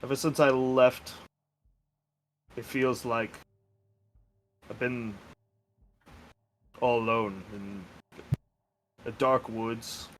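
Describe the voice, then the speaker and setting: A man voicing a homesick masked male wanderer, speaking softly and quietly. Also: medium pitch, fairly even intonation, drawn-out words, pauses often, a little hiss or hum. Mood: wistful. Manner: soft, hushed speech.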